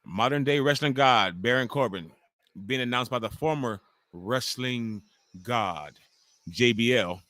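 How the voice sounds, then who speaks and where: A man's voice: mid-range voice, a little slow, pushed and bright, dry recording. A young man hosting a live watch-along stream, joking loosely and talking to chat viewers by name. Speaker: livestream host.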